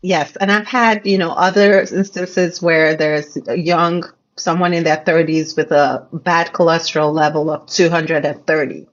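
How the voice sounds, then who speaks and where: A woman's voice: sits low, steady tone, unhurried, few pauses, lo-fi sound. A woman physician, a podcast guest, explaining cases in earnest, casual conversation.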